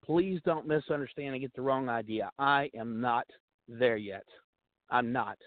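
A man's voice: medium pitch, measured pace, dry recording. A man speaking as a guest on faith talk radio, earnest and pleading, sharing an emotional testimony. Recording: tinny phone line.

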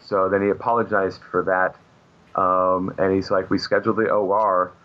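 A man's voice: sits low, little pitch movement, normal speed. A man, a comic book artist, telling long anecdotes in a casual interview, with lots of fillers and restarts. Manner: rambling anecdotes with many fillers. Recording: muffled lo-fi audio.

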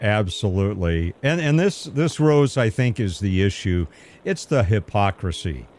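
A man's voice: on the low side, animated, a little mellow. Earnest male talk radio host. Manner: measured, earnest, with hesitant restarts.

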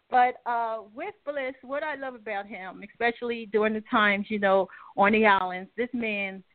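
A woman guest on a talk radio show, telling stories in a chatty, laughing way, stretching some words out slowly. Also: a little high. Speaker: guest, music company head. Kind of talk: casual radio chat. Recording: phone-line audio.

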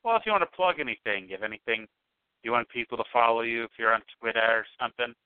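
A man hosting a casual call-in wrestling show, teasing a caller in a halting, joking way. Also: mid-range voice, clean tone, dry recording. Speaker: podcast host. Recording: tinny phone-like sound.

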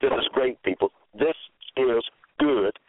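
Slow, emphatic male preacher on a phone line. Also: dry recording. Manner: slow, emphatic preaching with sweeping pitch swings. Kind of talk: sermon. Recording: tinny phone line, dry.

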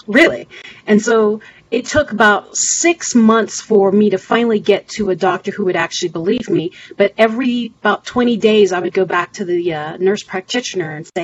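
A middle-aged woman speaks as a guest in an interview, recounting events earnestly and slipping into the voices of people she quotes. Her voice sits at a medium pitch. The recording is a little dull, with a faint hiss underneath. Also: moderate pace. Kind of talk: podcast interview storytelling.

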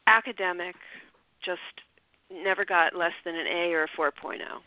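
A woman's voice: lowish voice, normal speed. A woman hosting a podcast, chatting casually and hesitantly as she tells a story. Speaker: host. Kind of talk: podcast interview chat. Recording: tinny phone-line sound.

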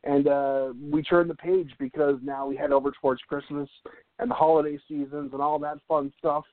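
Guy hosting live radio, kinda high voice, jokey and rambly, sounds like a tinny phone line. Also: level tone, normal speed, no echo. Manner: jokey, rambling, with many fillers. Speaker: radio show host. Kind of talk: casual live radio talk.

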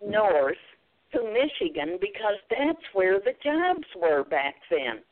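A woman from southeastern Kentucky, an author and speaker, tells her story as a guest in an interview, speaking folksily in an Appalachian accent. Her mid-range voice swings widely in pitch at a slow pace, and the recording sounds tinny, like a phone.

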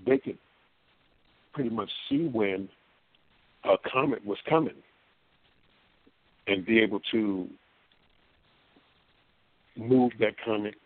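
A man's voice: on the low side, no echo. Man, rambling folksy guest, lots of fillers, dry tinny phone line. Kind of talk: call-in radio talk.

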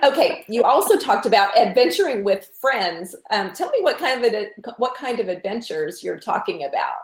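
A woman with a soft Texan accent hosts a relaxed interview, giggling often and pausing on fillers. She sounds like she is speaking in a roomy space, so her voice rings a little. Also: medium pitch. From Texas. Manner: warm and giggly, with some hesitant fillers. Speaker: interview host. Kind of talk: casual interview chat. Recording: echoey room.

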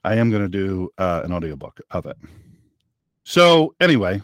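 A man's voice: deep voice, very animated, normal speed, no room sound, studio quality. A man hosting a political talk show, delivering an opinionated, rambling monologue, repeating phrases for emphasis and reading out listener messages. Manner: reads listener chat messages aloud.

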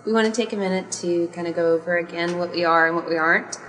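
A woman's voice: fairly low pitch, steady tone, quick pace, fairly bright tone, poor audio. Upbeat woman opening a podcast. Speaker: podcast co-host. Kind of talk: podcast introduction. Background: intro music.

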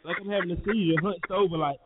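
A man's voice: high-pitched, fairly even intonation, fast. A man co-hosting a morning talk show, joking playfully with friends in casual banter. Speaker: radio show co-host. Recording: tinny phone line with faint noise.

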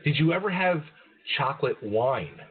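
A man's voice: medium pitch, normal speed, husky. A man hosting a radio show, chatting casually with a guest and laughing often. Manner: laughing, relaxed banter. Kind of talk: casual chat. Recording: tinny phone-like audio.

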